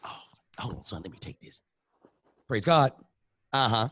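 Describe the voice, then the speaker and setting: Man voicing an older pious preacher father, smug and genteel, with a husky, churchy stammer. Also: a little high, sing-song, moderate pace, no echo. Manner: churchy, genteel, stuttering 'uh'.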